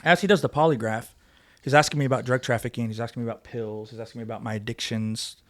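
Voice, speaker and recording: A man guest on a podcast telling a story in casual chat, animated and profane, acting out both sides of arguments. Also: mid-range voice, fast talker.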